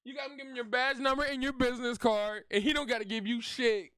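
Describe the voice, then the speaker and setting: Loud laughing streamer, bright high voice. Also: male voice, steady tone, fast, clear, resonant tone, dry recording. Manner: loud, laughing, profane running commentary. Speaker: streamer reacting to a video. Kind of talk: casual reaction commentary.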